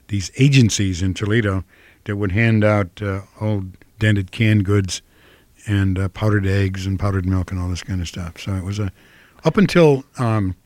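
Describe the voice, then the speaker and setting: An older actor from Ohio with a flat Midwestern accent, answering interview questions slowly, with many fillers and restarts. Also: male voice, fairly low pitch, no room sound. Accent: flat Midwestern American.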